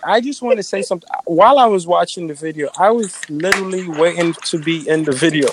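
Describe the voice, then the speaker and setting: A young man chatting casually and excitedly, joking and quick to laugh. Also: high voice, background noise. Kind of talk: casual chat.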